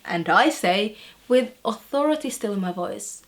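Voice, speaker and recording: A young woman plays a bemused teenage girl telling her camera about the students she tutors. Her voice sits at an ordinary middle pitch, and her telling is chatty and wry, dotted with fillers. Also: expressive, a little slow. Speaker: vlogger. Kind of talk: scripted vlog-style monologue.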